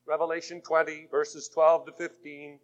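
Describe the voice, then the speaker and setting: A man preaching a sermon, swinging between fervent shouts and hushed, intimate passages. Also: on the high side, level tone, normal speed. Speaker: pastor. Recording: muffled lo-fi 1980s tape.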